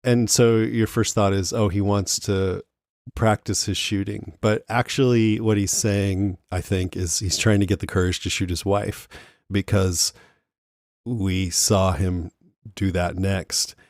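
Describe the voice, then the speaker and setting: A man's voice: sits low, little pitch movement, measured pace, darkish tone, dry recording, studio quality. A man co-hosting a podcast, reading listener comments aloud with wry jokes in casual chat. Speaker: podcast co-host.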